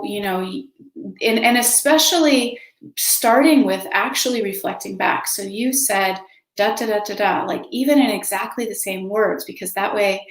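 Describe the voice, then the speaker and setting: A woman teaches in an earnest, emphatic way, often repeating her key words and acting out sample dialogue. Her voice sits at a middle pitch. The recording carries noticeable room echo. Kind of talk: spoken teaching talk.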